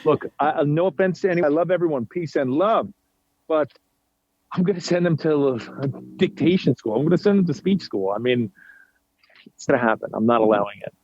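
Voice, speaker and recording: A man's voice: on the high side, no echo, muffled recording. A man in his forties from New York, chatting casually as a guest and telling stories with lots of fillers and restarts. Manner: animated storyteller, halting with fillers and restarts. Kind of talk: casual chat.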